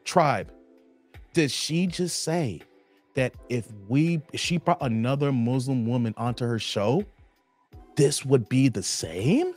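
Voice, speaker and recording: A man hosting a reaction video, commenting in an animated, preachy way and tacking "here" onto his sentences. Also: mid-range voice, slow, soft background music. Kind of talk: commentary on a played clip.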